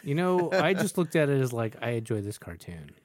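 A man's voice: mid-range voice, very animated, a little fast, darkish tone, no echo. Rambling man in a dry room. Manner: rambling, hesitant, many fillers. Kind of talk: casual chat.

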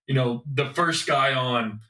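A man's voice: medium pitch, unhurried, sharp tone. A man co-hosting a podcast in casual sports chat, loose and rambling, now and then swearing. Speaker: podcast co-host. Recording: echoey room, mic at a distance.

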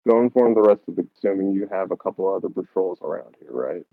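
A man's voice: low-pitched, quick pace, vocal fry, no echo. A man playing a character in a tabletop game, speaking in a dry, commanding way. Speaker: player. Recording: tinny phone-like line.

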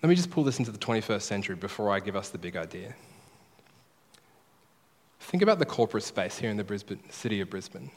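A male pastor preaching a sermon, emphatic and repeating his key phrases slowly. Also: on the low side, big pitch swings. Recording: preaching in a large reverberant hall.

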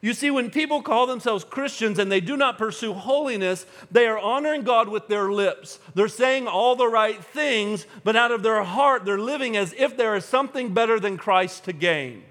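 A man preaches to his congregation in a high, bright, forceful voice. He is animated and humorous, acting out everyday scenes as he goes. His words ring out with a long reverb in a church hall. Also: normal speed, hardly any pauses. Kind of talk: sermon.

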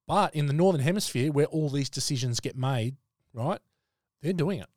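A man co-hosting a podcast, opinionated and halting as he talks. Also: on the high side, expressive, a little mellow, dry recording, clean studio sound. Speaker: podcast co-host and youth rugby coach. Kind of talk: casual chat.

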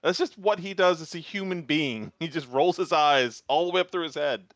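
A man co-hosting a casual chat, excited and laughing as he jumps in with quick remarks. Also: a little high, no echo, clean studio sound. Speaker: podcast co-host reacting to an anime episode.

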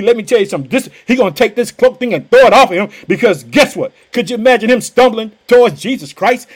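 A man preaching a fervent, energetic podcast sermon in casual street phrasing, often crying out hallelujah. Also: high voice. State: pumped up.

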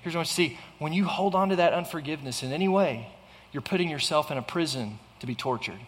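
A man's voice: fairly high pitch, lively intonation, quick pace, in a large hall. A man preaching a sermon in an earnest way, often restarting phrases and asking the listeners rhetorical questions. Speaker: pastor.

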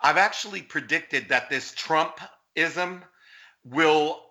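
A man's voice: on the high side, slow pace, sharp tone. A middle-aged man, a political commentator, speaking earnestly and effusively as a talk show guest.

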